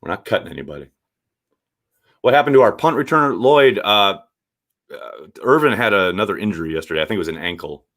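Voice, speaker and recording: Animated, blunt man on a live stream. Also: lowish voice, fairly quick, pauses often. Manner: animated, blunt, swears freely. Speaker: sports show host reading viewer chat. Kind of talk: casual live-stream chat.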